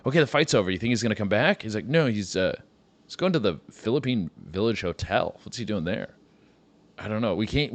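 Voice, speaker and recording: Low, lively-voiced comedy podcast man. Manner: profane, rambling, says "dude" a lot. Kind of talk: rambling comedic monologue.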